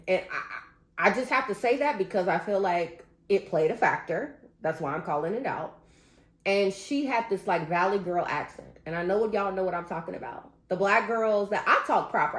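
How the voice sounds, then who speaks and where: A grown woman talking straight to her viewers, venting in emphatic casual commentary. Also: medium pitch. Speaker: vlogger. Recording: roomy echo.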